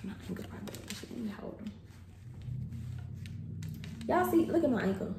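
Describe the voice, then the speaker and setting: A woman's voice: on the high side, lively intonation, normal speed, noisy background. A young woman chatting casually in her fashion haul vlog, playful and slangy, often laughing. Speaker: fashion vlogger. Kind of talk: casual haul video chat. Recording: echoey room.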